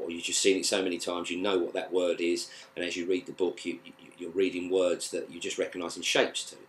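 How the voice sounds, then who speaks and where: A low-voiced man with a British accent teaches a guitar lesson in a casual spoken style. He explains things in a relaxed, halting way, with plenty of fillers and restarts.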